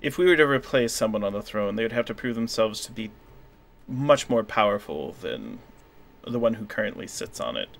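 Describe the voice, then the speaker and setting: A man's voice: on the low side, sing-song, normal speed, vocal fry, fairly bright tone, full character voice. A man voicing a paranoid, sleep-deprived woman scientist who talks in a tense, guarded way. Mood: cold.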